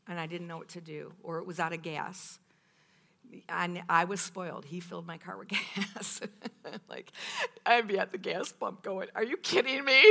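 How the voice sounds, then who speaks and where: A woman in her fifties speaking at a women's meeting, telling a personal testimony in an animated way that acts out her past outbursts and laughs often. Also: on the low side.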